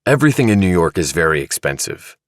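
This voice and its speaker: A male narrator playing a calm, probing investigator in an audiobook, pressing with level questions. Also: low-pitched, quick pace, no echo, studio quality. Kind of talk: audiobook dramatization.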